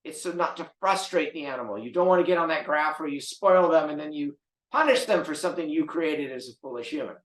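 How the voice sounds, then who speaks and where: A man's voice: a little high, animated, a little fast, fairly bright tone. A man who trains dogs, talking casually on a podcast in an emphatic way and repeating key words. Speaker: dog trainer. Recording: roomy echo.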